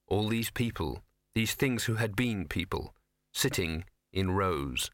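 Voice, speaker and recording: A man narrating an audiobook with measured, even storytelling. His voice is bright and forward. The recording is close and dry. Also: deep voice, no room sound. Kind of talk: scripted narration.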